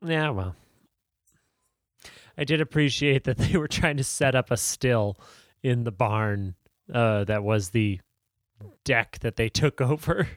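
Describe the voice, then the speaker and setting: A man's voice: medium pitch, slow, long pauses, no room sound, studio quality. A man co-hosting a podcast, talking casually with crude, sarcastic jokes and laughing at his own lines. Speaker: podcast co-host.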